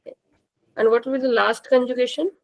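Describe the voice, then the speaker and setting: A woman teaching a language class, speaking slowly and patiently and repeating words for her students. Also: fairly high pitch, steady tone, vocal fry, a little mellow, low-quality recording.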